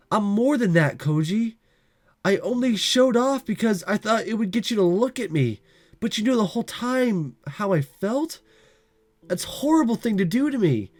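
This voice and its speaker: A man's voice: high voice, a little mellow. Man voicing an upset teenage girl. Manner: pleading, rising to accusation. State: has a cold. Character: teenage girl, childhood friend, emotional and hurt. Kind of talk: visual novel voice reading.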